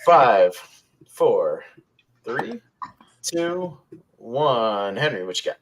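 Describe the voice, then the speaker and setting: A man's voice: mid-range voice, very animated, very slow, a little hiss or hum, low-quality recording. A man hosting a horror trivia game, reading each clue twice and counting down. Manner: reads each clue twice, laughs easily. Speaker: quiz host.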